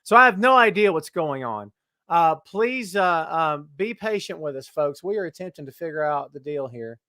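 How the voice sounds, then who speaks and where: A man with a high, light voice hosts a live talk stream, joking and ribbing the viewers as he greets them one by one. The sound is close and dry, with no room echo on his webcam mic. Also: lively intonation, moderate pace, pushed and bright. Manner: jokey, teasing, greets viewers by name. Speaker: host of a live wrestling talk show. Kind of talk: casual live-stream chat.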